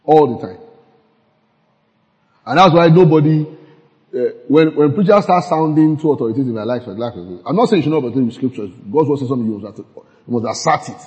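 A man's voice: mid-range voice, lively intonation, brisk, darkish tone. A man preaching a casual, conversational sermon, laughing often and checking whether his listeners follow. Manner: laughs often, asks the audience if they follow. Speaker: pastor. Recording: muffled sound with long hall reverb.

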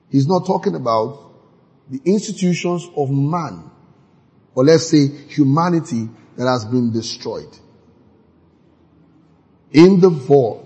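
A man preaching a sermon in an animated way, now and then shouting out quoted lines. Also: medium pitch, slightly rough. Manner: animated, acts out quoted voices with sudden shouts. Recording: long hall reverb.

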